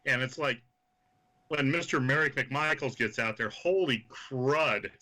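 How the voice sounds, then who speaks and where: Bright-voiced man telling wild stories. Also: medium pitch, unhurried. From Kansas. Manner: animated, swearing anecdotes full of quoted voices. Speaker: guest, professional wrestler. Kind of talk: casual storytelling chat.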